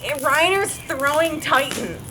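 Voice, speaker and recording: A woman's voice: high-pitched, lively intonation, measured pace, noisy background. A young woman, tipsy, jumping into a shared retelling with goofy asides and silly voices. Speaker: co-host retelling an anime plot. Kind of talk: casual tipsy storytelling.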